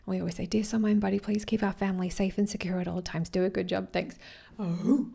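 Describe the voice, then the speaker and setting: A woman talking casually to her followers in a rambling, earnest way, sometimes dropping to a soft whisper. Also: medium pitch, level tone, fast, gravelly, slightly rough. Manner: rambling and warm-hearted, often losing her thread. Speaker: vlogger speaking to her followers. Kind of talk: casual chat to camera.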